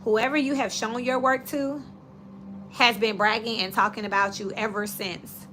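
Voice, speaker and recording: A woman's voice: on the high side, steady tone, moderate pace, bright, forceful tone, slight background noise. A woman giving a casual tarot reading, talking in a chatty, direct, coaching way. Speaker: tarot reader.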